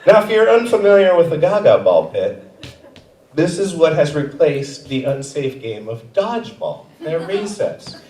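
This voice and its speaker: With a slightly high, darkish voice and big pitch swings, a young man does stand-up at a somewhat slow pace. He tells stories animatedly and leaps into voices on a comedy theater stage, captured by a distant mic with roomy theater sound.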